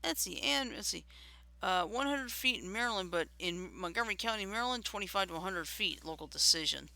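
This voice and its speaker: A chatty co-host from Alabama on a live-streamed talk show, thinking aloud while searching for facts. The voice is very bright and gravelly with a lively, animated swing, and the sound is dry and close. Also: mid-range voice, brisk, no room sound. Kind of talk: casual chat, looking things up aloud. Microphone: streaming setup.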